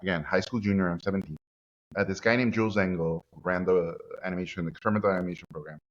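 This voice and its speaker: Lively, low-voiced man from Mexico. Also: quick pace, muffled recording. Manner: animated, acts out quotes in different voices. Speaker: guest, animator and director. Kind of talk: casual interview storytelling.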